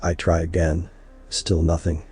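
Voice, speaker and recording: A man narrating a first-person story in a measured, steady way. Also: deep voice, slightly rough, soft background music.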